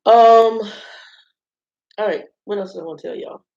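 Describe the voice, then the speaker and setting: A woman's voice: mid-range voice, normal speed, gravelly, darkish tone, a little hiss or hum. A woman vlogger in a hotel room, chatting to viewers in a rambling, casual storytelling way and calling them y'all. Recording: roomy, slightly dull sound.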